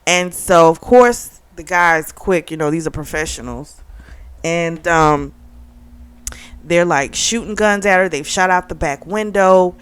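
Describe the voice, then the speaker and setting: A woman reviewing a book, retelling the plot in a chatty, animated way and often saying "like". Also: lowish voice, a little slow, clean tone. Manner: chatty and animated, heavy use of "like", laughs often. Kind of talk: casual plot recap.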